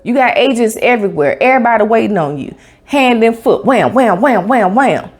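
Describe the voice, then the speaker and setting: A woman's voice: a little high, sing-song, normal speed. A woman from Tampa, telling a sassy, emphatic story with sound effects in a casual vlog chat. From Tampa, Florida. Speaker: vlogger.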